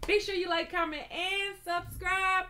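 A woman's voice: very high voice, steady tone, measured pace, pushed and bright, slight background noise. A woman hosting a reaction video, chatty and giggly, calling her viewers y'all. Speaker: host of a reaction channel. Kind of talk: casual reaction chat.

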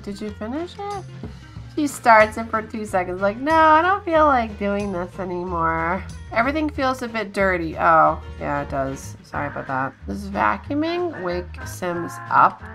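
Chatty woman coaxing her game characters. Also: mid-range voice. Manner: chatty, coaxes and scolds game characters, sudden excited exclamations. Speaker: gaming channel host. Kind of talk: casual let's-play commentary.

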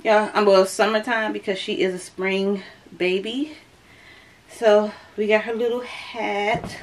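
A woman's voice: mid-range voice, level tone, unhurried, slight background noise. A young woman, chatting casually to her viewers at home, a little out of breath. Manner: chatty, keeps calling the viewers y'all. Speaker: vlogger. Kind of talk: casual vlog chat to viewers.

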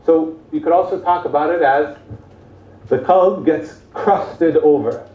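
A man giving a thoughtful, halting lecture on spiritual psychology, with frequent pauses and restarts. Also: fairly high pitch. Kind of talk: explanatory lecture. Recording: echoey room, far from mic, phone-like lo-fi sound.

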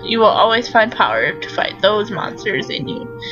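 A woman voicing an affectionate, wise talking cat in a soft, reassuring reading. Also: mid-range voice, very animated, normal speed, lightly acted. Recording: lo-fi audio with loud game music.

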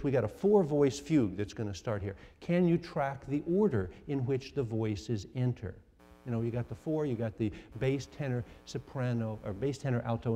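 A man's voice: medium pitch, mellow. A man giving a university music lecture, talking conversationally, questioning students and often restarting sentences. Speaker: music professor. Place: lecture hall. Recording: reverberant lecture hall recording.

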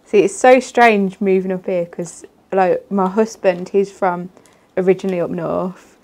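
A soft-spoken woman, casually demonstrating card making and laughing easily. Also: mid-range voice, fairly even intonation, a little slow.

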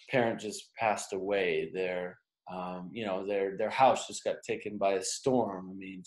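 A man's voice: fairly low pitch, a little mellow. A man hosting a casual interview, conversational, building up long questions. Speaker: podcast host. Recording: roomy sound.

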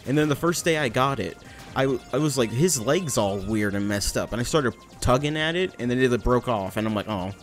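A man's voice: medium pitch, animated, a little fast, faint music behind. Rambling young man joking over gameplay. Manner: rambling, joking, swears casually. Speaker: let's play commentator. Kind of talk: casual gameplay commentary.

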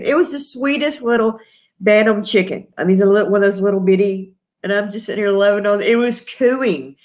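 A middle-aged woman with a Texan accent, chatting with viewers on a live stream. She rambles warmly from one thing to the next, laughing often between thoughts and greeting people by name. Her voice sits at an ordinary middle pitch. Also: moderate pace. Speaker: host. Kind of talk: casual live-stream chat.

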